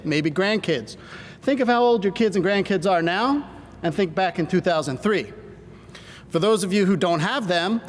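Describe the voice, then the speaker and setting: High-voiced man giving a seminar talk. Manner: energetic, engages the audience with call-and-response. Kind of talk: stage presentation to a live audience. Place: large hall with audience. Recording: hall reverb, faint rumble.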